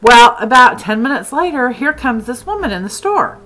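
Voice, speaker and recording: A woman's voice: fairly high pitch, normal speed, rough recording. A woman from Texas, chatting casually as she tells a story about her candle shop. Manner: chatty, animated retelling with many "like"s.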